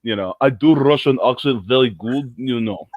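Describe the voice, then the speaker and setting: A man's voice: mid-range voice, fast talker, slight background noise, close to an everyday voice. A man doing a comic Russian voice in broken English, joking and playful. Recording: muffled lo-fi audio.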